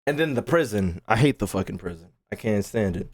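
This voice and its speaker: A man's voice: fairly low pitch, animated, fairly quick, slightly rough. A young man, a gaming YouTuber, ranting casually and animatedly, swearing and repeating himself as he ranks game regions.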